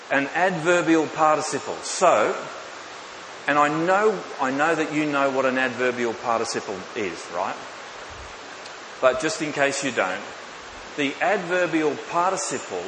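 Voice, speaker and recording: A man preaching a sermon, emphatic, with rhetorical questions to the congregation and light joking asides. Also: medium pitch. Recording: echoey hall with faint hiss.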